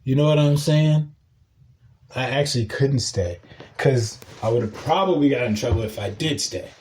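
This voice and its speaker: A man hosting a podcast, telling a casual story in a profane, animated way and breaking into loud shouting. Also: mid-range voice, moderate pace, a little hiss or hum. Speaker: podcast host.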